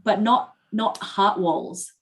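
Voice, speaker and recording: A podcast co-host tells a personal story in casual conversation, candid and emotional, swearing freely. Her mid-range voice is slow and creaky.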